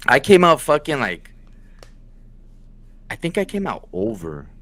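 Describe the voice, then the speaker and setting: A man's voice: medium pitch, wildly swooping pitch, measured pace, fairly bright tone. A young man co-hosting a podcast, telling a story in casual chat, slangy and profane. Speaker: podcast co-host.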